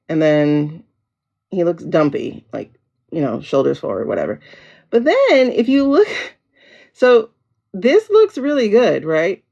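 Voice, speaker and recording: A woman's voice: lowish voice, creaky, darkish tone. A woman hosting a casual livestream, chatting with viewers and greeting them by name. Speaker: livestream host. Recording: lo-fi downloaded livestream audio.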